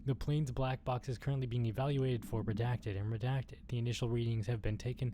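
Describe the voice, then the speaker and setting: A man's voice: medium pitch, fairly even intonation, a little fast. A man streaming a video game, reading in-game documents aloud and swearing at the action, sometimes dropping to a whisper. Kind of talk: casual gameplay commentary. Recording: noisy stream with game ambience.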